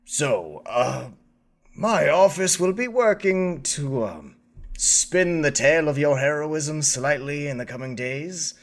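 A man voicing a pompous male Chancellor who smoothly talks around awkward truths, his pitch jumping up and down. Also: animated, slow pace. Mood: smoothly evasive.

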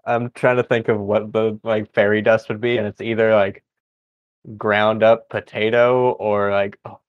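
A laid-back young man hosting a podcast in relaxed chat, with a lowish voice. The sound is dry and close, with a dull, lo-fi tone. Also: measured pace, clear, resonant tone, no room sound. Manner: easygoing, laughs along. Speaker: podcast host. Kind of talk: casual chat.

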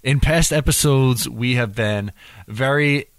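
A man hosting a casual sports podcast, talking in a steady, measured, explaining way. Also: mid-range voice, no room sound. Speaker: podcast host.

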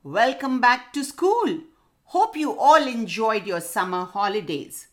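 A woman's voice: fairly high pitch, expressive, slow pace. A woman doing a kind owl schoolteacher. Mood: cheerful. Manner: gentle, instructive.

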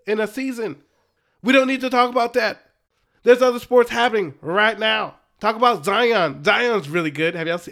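A young man co-hosting a casual sports podcast, talking in an animated, exasperated rant. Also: extremely high pitch. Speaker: podcast co-host.

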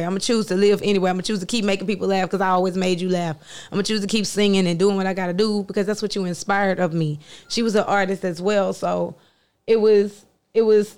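A woman in casual chat, animated, acting out little quotes and laughing often. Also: medium pitch. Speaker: guest musician.

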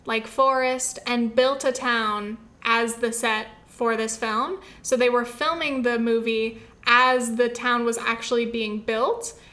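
A chatty young woman talks through her week of films in a loose, rambling way, full of fillers and restarts. Her voice sits a little high and sounds bright and forward. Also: steady tone, slow, hardly any pauses. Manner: chatty, rambling, many fillers and self-corrections. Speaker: film review podcaster. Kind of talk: casual film review chat.

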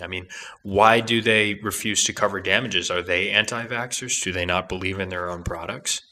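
A man's voice: deep voice, fairly even intonation, moderate pace, sharp tone. A young man hosting a political podcast, talking through an opinionated monologue that rambles, restarts and argues. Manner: rambling, combative, with restarts and asides.

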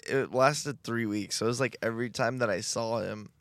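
A man's voice: mid-range voice, normal speed, dry recording. A young man co-hosting a podcast, laughing and teasing his friend in casual chat. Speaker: podcast co-host.

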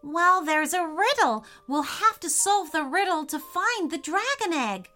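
A tiny, gentle fairy girl, played by a woman, her voice pitched very high and airy. She speaks kindly but knowingly, like a little guide, with bright, lively swoops and faint music behind. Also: a little slow, heavily acted. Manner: gentle, instructive.

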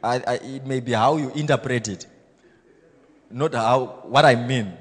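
A man pastor preaching a blunt, self-assured sermon, swinging between loud exhortation and quiet asides. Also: mid-range voice, measured pace, husky, in a large hall. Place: church hall.

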